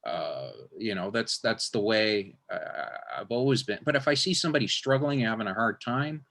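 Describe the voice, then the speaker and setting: A man's voice: lowish voice, animated, moderate pace, creaky, fairly bright tone. A man, a magician, talking in a casual interview, rambling with frequent restarts and acting out quotes.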